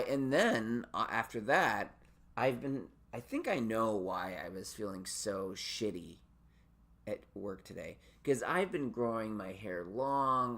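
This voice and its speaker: A man's voice: fairly low pitch, fairly bright tone. A man hosting his own podcast, ranting in a rambling, neurotic and profane way. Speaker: podcast host. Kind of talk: solo comedic rant.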